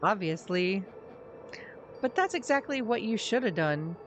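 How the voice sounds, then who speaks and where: A woman's voice: medium pitch, expressive, measured pace, lightly acted. A woman streamer reading the lines of a bitter, sarcastic boy from a story game, blunt and slangy. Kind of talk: game dialogue read aloud.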